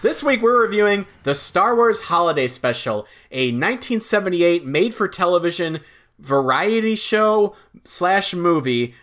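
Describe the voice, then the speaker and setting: Male podcast co-host, lively swings in pitch, playful mock outrage. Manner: animated, laughs often, exaggerated groans. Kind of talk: casual podcast chat.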